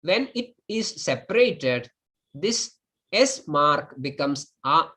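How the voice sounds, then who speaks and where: Slow, bright-voiced male teacher. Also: fairly high pitch, big pitch swings. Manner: patient, repeats each word slowly for learners. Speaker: Sanskrit and Ayurveda teacher. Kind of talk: slow step-by-step lesson.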